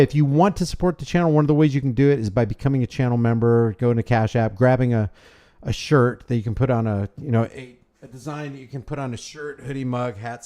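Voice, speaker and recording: A man hosts a casual livestream and reads his viewers' messages aloud. His voice sits in the middle range with a mellow, dark tone. He rambles and restarts sentences as he thanks people by name. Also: medium pitch. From United States. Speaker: livestream host. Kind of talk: casual livestream chat reading super chats.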